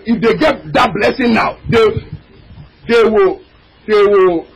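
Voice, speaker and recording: A male pastor delivering an impassioned sermon, breaking into shouted, cracking cries and calling out to his congregation. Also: high-pitched, vocal fry, husky, poor audio. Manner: addresses and prods the congregation directly.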